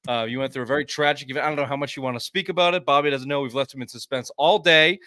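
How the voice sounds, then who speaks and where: A man's voice: mid-range voice, steady tone, racing, pushed and bright, no echo, studio quality. A man hosting a casual sports podcast, teasing his co-hosts with mock sincerity. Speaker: podcast host.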